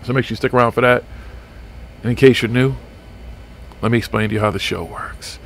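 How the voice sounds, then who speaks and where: A man's voice: mid-range voice, brisk, gravelly, slight background noise. A man hosting a live paranormal talk radio show, rambling and swearing freely in casual chat. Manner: profane, rambling, animated. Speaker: host. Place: small home studio.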